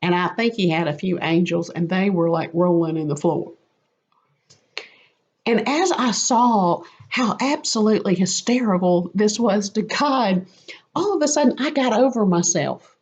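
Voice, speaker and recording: A woman telling a lively, self-mocking personal faith story as a testimony. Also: mid-range voice, slightly rough. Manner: animated, quick and self-mocking. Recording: slightly muffled lo-fi audio.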